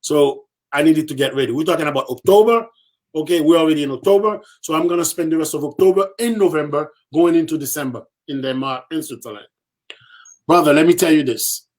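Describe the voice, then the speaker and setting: A man guest on a podcast telling a personal story, lively and repetitive, acting out what others said. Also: on the high side, fast talker. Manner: lively, acts out quoted voices, repeats himself for emphasis. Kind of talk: animated storytelling.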